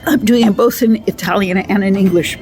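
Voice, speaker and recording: A woman's voice: mid-range voice, steady tone, fairly quick, darkish tone, soft background music. A woman singing excerpts from an opera and stopping to explain the story in plain talk. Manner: sings arias then retells the plot in plain talk.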